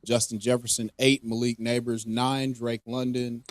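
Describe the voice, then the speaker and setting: A man co-hosting a live podcast stream, talking fantasy football in a casual, animated way, ranting and swearing freely. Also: mid-range voice, normal speed, dry recording. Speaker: podcast co-host.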